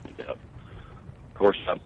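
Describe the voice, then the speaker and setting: A middle-aged truck driver calling in by phone, chatting easygoingly with lots of fillers. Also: male voice, slow pace. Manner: easygoing, rambling with many fillers. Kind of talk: casual phone chat. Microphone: telephone. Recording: phone line.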